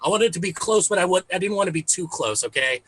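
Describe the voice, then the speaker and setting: Man, thirties, stand-up comic, conversational, bright tone, lively pitch. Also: fast talker, husky, rough recording. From Texas. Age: 30s. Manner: conversational, with fillers and self-amused laughs. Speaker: stand-up comedian. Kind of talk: stand-up comedy set.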